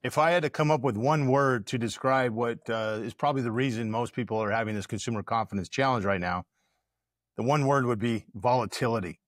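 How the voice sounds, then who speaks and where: A man's voice: mid-range voice, brisk, dry recording. A man hosting a casual podcast chat in a studio, rambling and searching for words with many fillers. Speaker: podcast host. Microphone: studio microphone.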